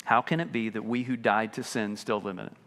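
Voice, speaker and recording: A pastor preaching a sermon with lively delivery, acting out the voices of people he quotes. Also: on the low side, a little fast, in a large hall. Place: church sanctuary.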